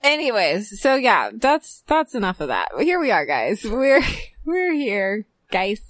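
A young woman hosts a loose podcast with her friends, and her voice swings lively up and down. She talks playfully and laughs a lot. Her voice sounds dry and close. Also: on the high side, takes it slowly, no room sound. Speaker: podcast host. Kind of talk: casual chat.

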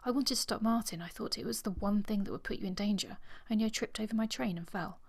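A woman reading aloud and voicing a sensible young woman, anxious and self-reproaching, in a soft, hushed delivery. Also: medium pitch, quick pace, gravelly, breathy edge.

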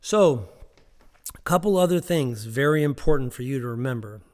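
A man's voice: mid-range voice, animated, normal speed, darkish tone, in a large hall. A man giving financial advice on a podcast, emphatic and repetitive, often checking in with "okay?".

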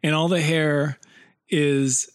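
A man co-hosting a podcast in casual chat, rambling and laughing often, slowing down to draw out a joke. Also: a little high, level tone, clear, resonant tone, no echo, clean studio sound. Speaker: podcast co-host.

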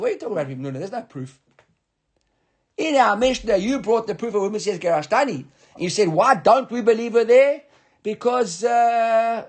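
A man teaching a Talmud class who reads passages aloud, then explains them in a halting way, often repeating words. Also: high-pitched, husky.

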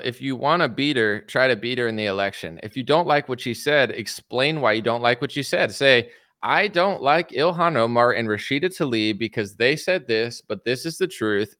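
A man with a bright, forceful voice talks politics in a casual, sarcastic way. He slips into mocking impressions now and then. The sound is close and dry. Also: mid-range voice, animated, normal speed, few pauses, dry recording. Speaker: podcast host.

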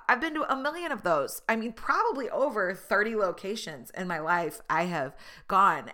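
A woman's voice: lowish voice, bright, forceful tone. A woman, hosting an upbeat, chatty motivational podcast monologue full of asides. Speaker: podcast host.

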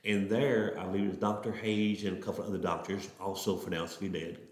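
A man's voice: deep voice, fairly even intonation, fast, a little mellow. Folksy preacher telling his testimony. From Oklahoma. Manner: folksy, earnest, repetitive starts. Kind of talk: testimony storytelling. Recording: roomy echo.

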